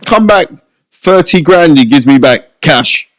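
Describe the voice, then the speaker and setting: A middle-aged man, telling stories in an interview, animated and slangy, repeating his phrases. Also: on the high side, unhurried, no room sound, studio quality. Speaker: boxing pundit and former boxer. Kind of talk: casual storytelling interview.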